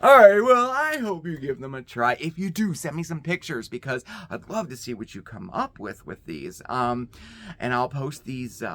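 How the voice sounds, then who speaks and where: A man's voice: medium pitch, a bit bright. A man hosting a casual DIY craft video, chatty and upbeat, often checking in with "okay?". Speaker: host.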